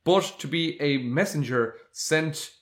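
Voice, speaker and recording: A man co-hosting a podcast, recapping a TV episode in casual chat and acting out quoted lines as he goes. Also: fairly high pitch. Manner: animated retelling with quick quoted asides. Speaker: podcast co-host.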